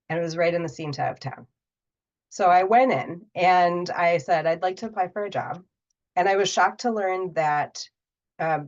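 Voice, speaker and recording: Woman telling a personal story, lo-fi. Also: lowish voice. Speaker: podcast guest, storyteller. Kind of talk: conversational storytelling. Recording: muffled lo-fi audio.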